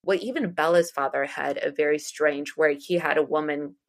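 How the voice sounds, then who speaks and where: A middle-aged woman from the United States tells her stories in a loose, rambling way, with restarts and little laughs along the way. Her voice sits a bit low for a woman. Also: moderate pace. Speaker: interview guest, astrologer and psychic medium. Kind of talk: casual storytelling interview.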